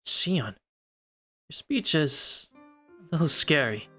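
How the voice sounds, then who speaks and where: A man streamer reading aloud as a hot-headed, stubborn young man, delivering blunt lines in loud, rising outbursts. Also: a little high, lively intonation, takes it slowly, breathy edge, soft background music, exaggerated voice. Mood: wry. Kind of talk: reading a game's story mode aloud.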